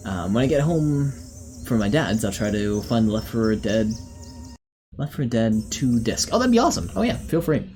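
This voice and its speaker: A man's voice: mid-range voice, very animated, moderate pace, a little mellow, slight background noise. A man chatting casually on a live stream, answering viewers in a rambling, easygoing way with plenty of fillers.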